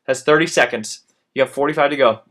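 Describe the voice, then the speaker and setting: A man's voice: medium pitch, quick pace, fairly bright tone. A man in his thirties coaching a workout over his own footage, pushing the listener on and panting after the exercises. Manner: urgent encouragement, breathless after exertion. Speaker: fitness instructor.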